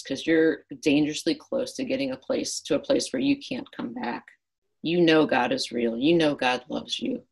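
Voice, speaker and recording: A middle-aged woman speaks with a deep, breathy-edged voice. She tells a personal story as an interview guest, earnestly reenacting her own past conversations. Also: poor audio. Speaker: guest author.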